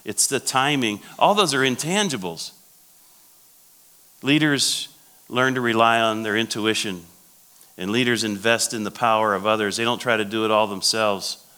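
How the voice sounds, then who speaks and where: Bright-voiced pastor giving a talk. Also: male voice, on the low side, moderate pace, clear, resonant tone. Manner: storytelling, repeats key phrases. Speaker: pastor speaking at a church conference. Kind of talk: sermon-style leadership talk.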